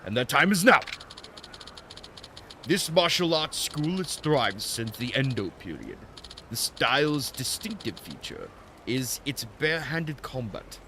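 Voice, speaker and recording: A man's voice: mid-range voice, big pitch swings, pushed and bright, a little hiss or hum, full character voice. A man putting on an old martial arts master, accent all over. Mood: lofty. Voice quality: clumsy mixed accent, drifting toward Australian or Scottish. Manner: theatrical, drawn-out old-man delivery. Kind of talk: reading game dialogue aloud.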